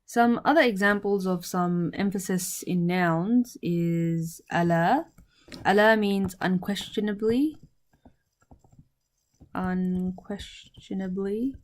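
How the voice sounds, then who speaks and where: A woman teaching Arabic grammar in English, speaking slowly and deliberately and repeating each word with its meaning. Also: mid-range voice.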